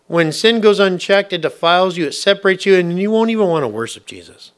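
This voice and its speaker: Pastor, male, bright slightly high voice, conversational sermon full of rhetorical questions. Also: expressive, moderate pace, smooth.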